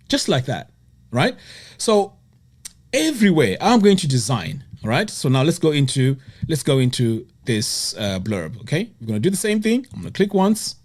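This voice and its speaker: Lively man walking through a web tutorial. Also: mid-range voice. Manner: talks to the viewer directly, checks in with frequent "okay?" and "right?". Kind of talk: screen-recorded software tutorial.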